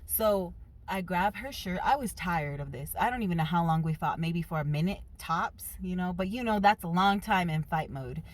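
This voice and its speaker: A woman vlogger telling a personal story in a casual, animated and emphatic way. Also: on the low side, moderate pace.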